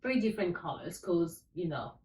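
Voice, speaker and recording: A woman's voice: fairly low pitch, very animated, normal speed, a little mellow, echoey room, distant mic, rough recording. A woman teaching a language lesson, upbeat, spelling out words letter by letter. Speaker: French teacher.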